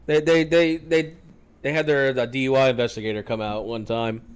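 A man's voice: mid-range voice, steady tone, a little fast, clean tone. A firefighter paramedic man telling work stories in a casual interview, blunt and heavy on profanity.

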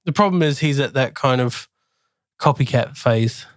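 A man in his thirties co-hosting a casual podcast, joking and reading out a friend's picks with quick asides. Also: medium pitch, no room sound, studio quality. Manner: jokey, quick asides, laughs mid-sentence. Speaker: podcast co-host.

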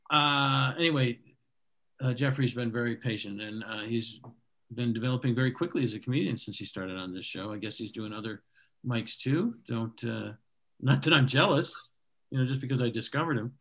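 A man hosting an open mic comedy night, introducing the next act in a rambling, halting, self-deprecating way. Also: mid-range voice, a bit bright. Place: comedy club stage.

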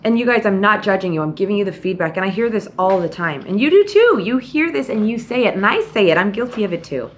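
A woman hosts her own podcast, speaking straight to listeners in a motivational monologue. She is blunt and pushes them to try harder. Her voice sits in a middle range, and her quotes of other people come out bright and animated. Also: medium pitch, quick pace, hardly any pauses, slight background noise. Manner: direct tough-love talk, animated quoting. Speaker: podcast host.

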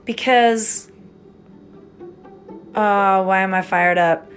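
Woman, unhurried speech, giggly, excitable, stream-of-consciousness monologue, faint music behind. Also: mid-range voice. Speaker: podcaster. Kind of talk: rambling late-night monologue. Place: at home.

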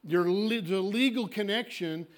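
Male pastor, high tenor preaching voice, emphatic sermon delivery with sudden hushed drops. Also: moderate pace. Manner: emphatic, swings from loud declarations to hushed asides; acts out congregants' objections in a small voice.

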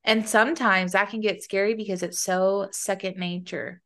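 A woman's voice: medium pitch, steady tone, normal speed. A woman co-hosting a casual faith podcast, talking in an earnest, open way. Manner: earnest, open, soft when sharing. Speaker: podcast co-host.

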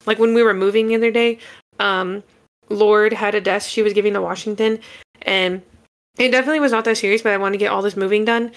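A young woman co-hosting a casual podcast chat, telling blunt, animated stories. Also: medium pitch, a little fast. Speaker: podcast co-host.

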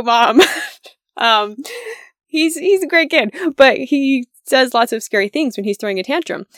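A woman's voice: fairly high pitch, a bit bright, no echo, clean studio sound. A woman in her thirties hosting a parenting podcast in a casual, conversational way. She laughs often and acts out the lines she quotes.

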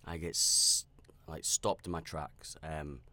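In a rumbling low voice that barely shifts in pitch, the podcast host speaks slowly, sounding pushed and bright. He rambles through a personal story candidly and reflectively, self-aware, with frequent restarts and fillers.

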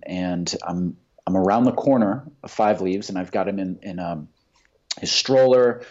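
A man's voice: sits low, a little mellow. A man telling profane, heated stories in casual chat. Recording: dull lo-fi sound.

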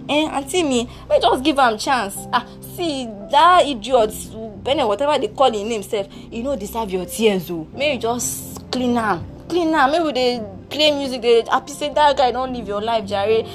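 A woman's voice: on the high side, natural voice. A woman with a Nigerian Pidgin accent voicing a blunt, teasing younger sister who consoles her sibling in a homemade audio drama. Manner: brisk, teasing, mixes Pidgin and Yoruba.

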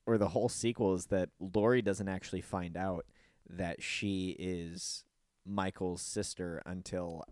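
A man hosts a casual podcast, talking in a dry, close-miked sound with no room around him. He rants animatedly, swears freely and jumps into high squeaky voices when he mimics people. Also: no room sound. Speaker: podcast host.

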